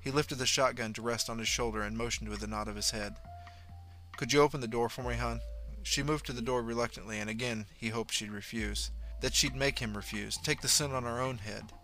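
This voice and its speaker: A man narrating a story in a steady, low-key way, dropping softer for inner thoughts. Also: a little fast, few pauses, soft background music. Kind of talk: audiobook narration.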